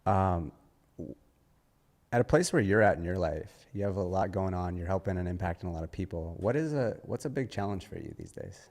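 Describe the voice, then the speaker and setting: A man with a low, gravelly voice hosts a podcast interview. He asks his questions in an easygoing, slightly hesitant way, and his voice carries a long reverb tail. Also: expressive, brisk, darkish tone. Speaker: podcast host.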